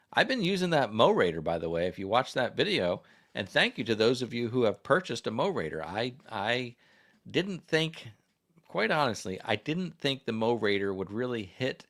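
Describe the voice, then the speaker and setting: Very animated and gravelly, this American man's mid-range, fairly bright voice moves at a normal speed. Hosting a casual livestream on a desk microphone, he chats in a rambling manner, reading viewer comments and posing questions to his audience.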